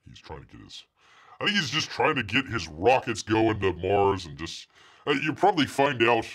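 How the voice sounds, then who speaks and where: A man's voice: fairly low pitch, big pitch swings, moderate pace, a bit bright. A middle-aged man hosting a live comics news stream, chatting casually and sarcastically in a rambling way. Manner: sarcastic, rambling, refers to himself as Bear. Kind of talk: casual livestream chat.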